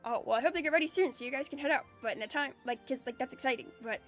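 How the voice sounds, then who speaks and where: A woman VTuber streamer chatting casually on a live stream, excitable and emotional, swearing freely as she reads viewer messages. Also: high voice, rapid-fire, faint music behind.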